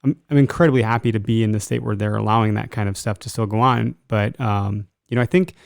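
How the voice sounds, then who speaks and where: Male host, gravelly voice, chill conversational questions, dry close sound. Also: lowish voice, steady tone, fast talker, no echo. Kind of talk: casual interview. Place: Wisconsin.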